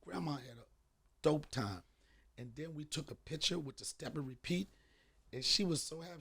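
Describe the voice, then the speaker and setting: A man's voice: a little high, moderate pace, vocal fry, pauses often, a bit bright, husky. A middle-aged man hosting a podcast, telling a profane comic story with lots of animation and acted-out voices. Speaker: podcast host. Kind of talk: comedic storytelling.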